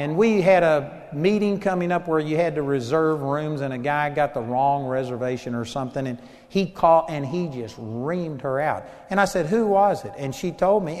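Texan male pastor, high voice, storytelling sermon with loud-soft swings, long hall echo. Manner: storytelling preacher, swings between loud emphasis and soft asides.

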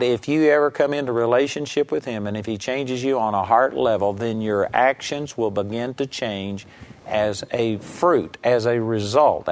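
A middle-aged man preaching a radio sermon as a pastor, telling stories and quoting people in a raised, lively voice. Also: mid-range voice. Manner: animated storytelling preacher, quotes people in raised voice.

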